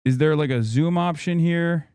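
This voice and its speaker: A man's voice: on the high side, moderate pace, darkish tone, clear, resonant tone, dry recording, studio quality. A man hosting a live stream, frustrated and swearing as he troubleshoots his setup aloud to viewers. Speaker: livestream host.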